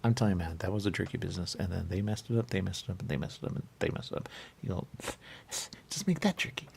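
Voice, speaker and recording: A man's voice: low-pitched, very fast, gravelly, a little mellow, slight background noise. A man hosting a radio show, rambling comically and repeating himself, often breaking into silly voices.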